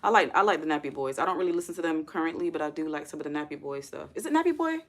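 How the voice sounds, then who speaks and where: On her own livestream, a young woman with a slightly low voice talks in an animated, racing way. She rambles casually, calls everyone y'all, and keeps firing questions at her chat.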